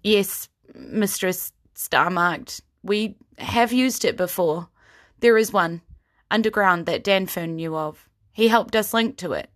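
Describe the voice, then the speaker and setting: A woman voicing a guilty, hesitant young male rune-drawer who speaks slowly. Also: mid-range voice, lightly acted.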